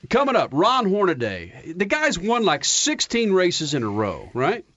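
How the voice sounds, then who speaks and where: A man hosting a motorsports radio show, loud and brash, joking and hyping guests. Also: high-pitched, huge pitch swings, unhurried, highs cut off. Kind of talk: energetic motorsports radio banter. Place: radio studio.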